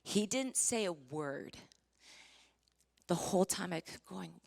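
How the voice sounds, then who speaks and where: A woman in her forties giving a sermon testimony, telling her story with strong feeling, acting out what was said, rising to near-shouting and dropping to whispers. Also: fairly low pitch, animated, slow, creaky. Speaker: Christian singer giving a testimony. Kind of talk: sermon testimony to a live audience.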